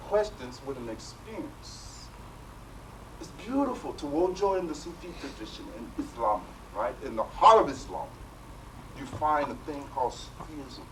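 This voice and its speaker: A man teaching a spiritual workshop in an animated storytelling manner, punctuated by rhetorical checks with his listeners. His voice sits somewhat high, picked up from a distance in the room with faint noise underneath. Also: normal speed.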